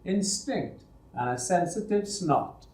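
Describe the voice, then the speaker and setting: A man's voice: high voice, lively intonation, slow, darkish tone, pitched above the performer's own voice. A sneering foundry bully mocks a new apprentice in a raised, teasing voice, as a male reader puts him on. The recording carries a roomy echo. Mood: mocking. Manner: mocking, taunting.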